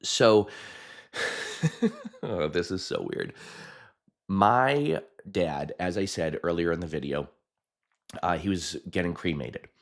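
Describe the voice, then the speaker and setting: A man, a hypnotist, telling a personal story in a chatty, animated way, with frequent laughs and fillers. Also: deep voice, a little slow. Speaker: hypnotist and video host.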